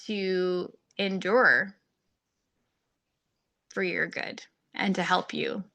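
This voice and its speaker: A woman's voice: mid-range voice, gravelly, sharp tone. A woman hosting a faith-based marriage coaching podcast, speaking in an earnest, personal monologue with frequent fillers.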